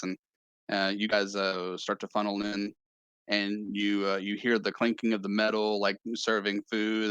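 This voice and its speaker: A man's voice: lowish voice, fairly bright tone, clear, resonant tone, no echo. A man narrating as game master of a tabletop game in a loose, rambling way with many fillers.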